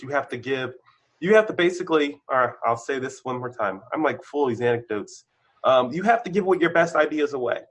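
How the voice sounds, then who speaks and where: A man with a husky voice gives a candid podcast interview. He tells his stories with animation, his voice jumping up in excitement and then sinking low and thoughtful. His pitch sits in an ordinary middle range. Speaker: podcast guest, senior engineer.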